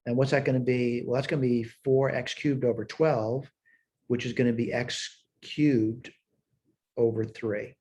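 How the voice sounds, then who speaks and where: A man's voice: medium pitch, fairly even intonation, a little slow, darkish tone. A man teaching a math lesson, thinking aloud as he works problems step by step at a whiteboard. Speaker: math instructor. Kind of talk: recorded math lesson walkthrough. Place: at a whiteboard, screen sharing.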